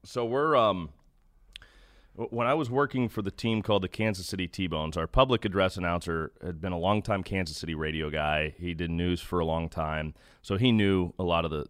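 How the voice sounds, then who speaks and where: A man's voice: sits low, normal speed, dry recording, clean studio sound. A young man, a baseball broadcaster, telling stories in an earnest, self-deprecating way as a guest. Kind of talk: conversational storytelling.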